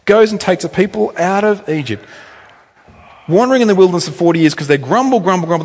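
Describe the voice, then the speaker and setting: A male pastor preaching a sermon in a church, telling stories in a chatty, animated way with offhand asides. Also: high-pitched, fast talker. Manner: animated storytelling, conversational asides. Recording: echoey hall reverb.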